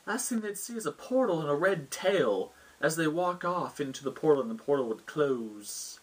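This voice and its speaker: A manic, rambling mad king, put on by a man telling his tabletop game, with a pitched-up, husky voice full of theatrical exclamations. He sounds a little distant from the microphone. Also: expressive, moderate pace.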